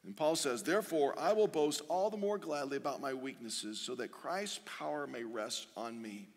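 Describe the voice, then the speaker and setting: A man preaching a sermon as pastor, earnest, slowing down to read scripture and repeating pleading phrases. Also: mid-range voice. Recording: long reverb of a large hall.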